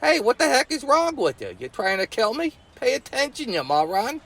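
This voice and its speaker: A man voicing a loudmouthed young boy diver, blunt and bossy. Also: high-pitched, sing-song, unhurried, pitched above the performer's own voice. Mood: angry yelling.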